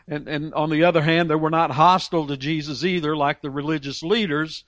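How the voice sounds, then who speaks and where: A man's voice: a little high, fairly even intonation, brisk, a bit bright, no room sound. Emphatic male preacher, dry sound. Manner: emphatic, voices characters in Bible stories. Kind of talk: sermon.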